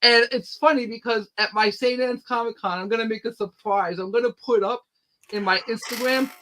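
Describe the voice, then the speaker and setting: A man's voice: extremely high pitch, fairly even intonation, normal speed, pushed and bright, a little hiss or hum, low-quality recording. A man who creates his own comic books, telling stories eagerly in a casual podcast chat and rambling with lots of fillers. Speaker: independent comic book creator, guest.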